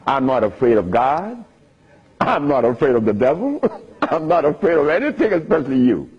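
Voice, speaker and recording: A man's voice: fairly high pitch, sing-song, normal speed, breathy edge. A man giving a storytelling talk to an audience, emphatic and chuckling through his asides. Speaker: speaker at a Q&A talk. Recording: dull lo-fi recording.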